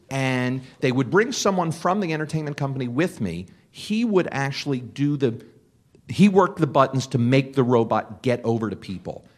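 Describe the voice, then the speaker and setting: A middle-aged man, a comedian, telling a casual anecdote in an animated way, with restarts and laughs. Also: mid-range voice. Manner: animated storyteller with many restarts. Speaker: comedian guest telling a story.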